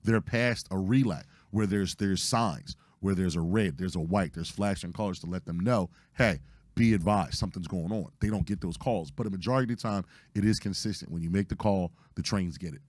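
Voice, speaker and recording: A hoarse man, telling a story casually as podcast host, animated and profane, acting out what people said. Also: deep voice, brisk, dry recording, studio quality. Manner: animated, profane retelling with acted-out quotes.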